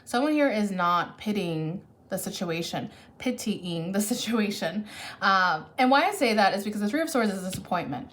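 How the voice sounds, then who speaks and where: A woman's voice: mid-range voice, lively intonation, normal speed, fairly bright tone. Chatty woman reading tarot cards. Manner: chatty, thinks aloud, restarts and self-corrects. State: caffeinated. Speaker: tarot reader.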